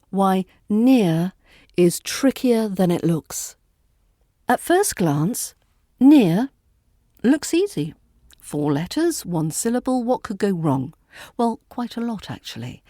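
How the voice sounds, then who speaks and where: A woman with a British RP accent teaches pronunciation in an unhurried, warm, mellow tone. She models each word carefully and repeats it. The sound is dry and close, with no room around it. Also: fairly low pitch, no room sound. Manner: calm, deliberate, models words slowly and repeats them. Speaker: accent coach. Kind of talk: pronunciation lesson.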